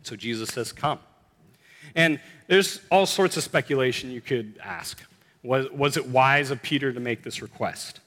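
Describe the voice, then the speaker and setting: A man's voice: medium pitch, unhurried, fairly bright tone. Earnest preaching man in reverberant hall. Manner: earnest, builds to emphatic exclamations. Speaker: pastor. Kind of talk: sermon.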